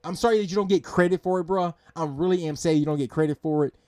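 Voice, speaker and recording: A man's voice: on the high side, fast talker, a little mellow, no echo, studio quality. A man hosting a reaction video, ranting in exasperation, swearing and repeating himself. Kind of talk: angry rant commentary.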